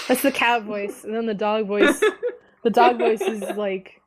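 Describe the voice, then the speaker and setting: A woman with a fairly high voice co-hosts a tabletop gaming podcast. She jokes and swears freely in casual chat with her co-host. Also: steady tone, unhurried. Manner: joking and profane, often laughing.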